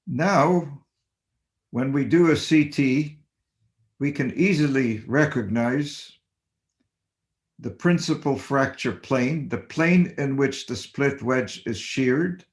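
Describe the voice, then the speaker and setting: An older man lectures as a surgeon in a webinar, slow and deliberate, with emphasis on each principle. His voice sits at a middle pitch and he leaves long pauses between short phrases. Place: home or office on webinar.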